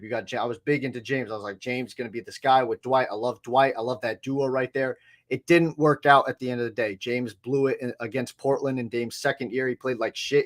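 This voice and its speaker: A man's voice: medium pitch, a bit bright. A man co-hosting a sports podcast, talking casually and animatedly, acting out quotes and swearing freely. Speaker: podcast co-host.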